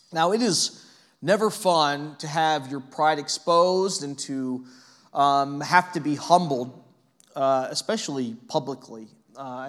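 A man preaching a sermon in a conversational way, often adding "right?" and telling animated, self-deprecating stories. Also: mid-range voice. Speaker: pastor.

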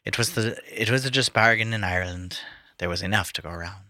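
A man's voice: lowish voice, brisk, bright, forceful tone, no room sound, studio quality. A man casually reading poetry aloud to friends, stumbling and restarting over words now and then. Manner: reads verse with stumbles, restarts and laughs.

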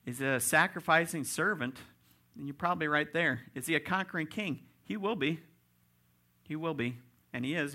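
Bright-voiced pastor preaching emphatically. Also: male voice, mid-range voice. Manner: rising to loud emphatic peaks; direct, addresses congregation as folks. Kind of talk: sermon.

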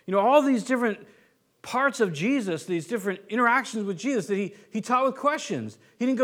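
High-voiced man preaching a sermon. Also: animated, a little fast, fairly bright tone. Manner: informal, explanatory teaching tone. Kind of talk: conversational sermon.

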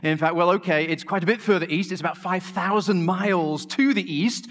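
A man's voice: high voice, fairly quick, a bit bright. A middle-aged man from England with a Manchester accent, preaching a sermon in a conversational, joking way. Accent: Manchester English. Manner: conversational and joking, with a few restarts.

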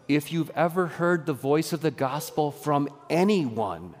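Lively pastor in a reverberant church. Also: male voice, on the high side, a little slow. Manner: lively, conversational preaching with audience participation. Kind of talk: sermon. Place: church sanctuary.

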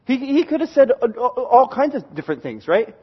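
A man preaching a sermon, earnest and pleading, slowing down and repeating phrases for emphasis. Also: extremely high pitch, sing-song, breathy edge, lo-fi sound. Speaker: pastor.

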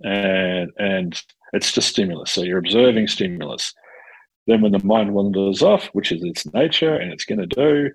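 Gravelly, husky man, animated talk. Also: fairly low pitch, moderate pace, dry recording, poor audio. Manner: animated, self-interrupting, acts out quoted dialogue, swears casually. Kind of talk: casual conversation.

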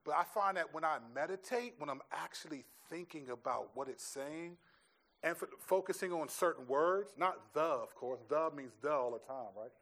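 A man's voice: on the high side, moderate pace, a bit bright. A man speaking as a pastor in a church question-and-answer session, thinking aloud and often restarting his sentences.

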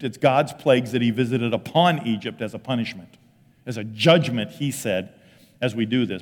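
A man preaching a sermon as pastor, in a folksy, conversational way, acting out quick bits of paraphrased dialogue. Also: mid-range voice. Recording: long reverb of a large hall.

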